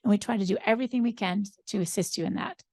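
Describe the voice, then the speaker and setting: A woman's voice: mid-range voice, racing, a little mellow, dry recording. An older woman, a social psychologist and grandmother, speaking upbeat on a seminar panel with frequent ums.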